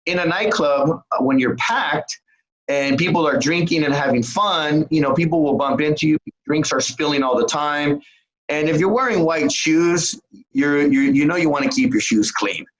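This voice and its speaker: A middle-aged man from California, a guest telling a story in a lively, casual way and acting out both sides of the exchanges. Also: on the high side, muffled recording. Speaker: guest, entrepreneur.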